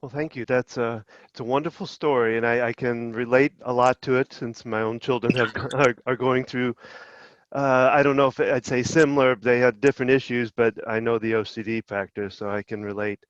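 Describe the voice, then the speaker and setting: A male podcast host asking questions in a soft-spoken, hesitant way. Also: medium pitch, steady tone, moderate pace, no room sound. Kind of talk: interview. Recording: dry, dull lo-fi audio.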